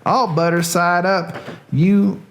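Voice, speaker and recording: A furious storybook soldier with a Southern accent, as a man reads him aloud, bellowing slow threats in a raised, high-pitched voice. Every word is stretched out and pushed hard. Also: fairly even intonation, highs cut off, noisy background. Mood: threatening. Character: yelling furious male enemy soldier.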